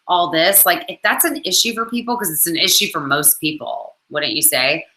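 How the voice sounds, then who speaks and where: At normal speed and with hardly any pauses, a woman speaks in a fairly low, bright, forceful voice, with reverberation on a rough recording. She's a network marketing coach with the hiccups, casually chatting to followers on video and leaning on "um" and "like."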